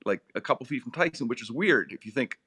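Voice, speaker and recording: A middle-aged man, a radio personality, telling comic stories in a lively, animated way. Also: fast talker, background noise. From Pittsburgh area, USA. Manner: lively, comic, with big swings in pitch. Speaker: radio personality and podcast host, guest. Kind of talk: animated storytelling.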